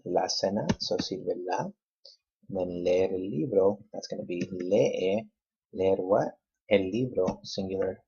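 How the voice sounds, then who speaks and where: Low gravelly male teacher, lo-fi. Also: darkish tone. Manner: patient, repeats words slowly for emphasis. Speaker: Spanish teacher. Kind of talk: classroom lesson explanation. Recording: dull lo-fi recording.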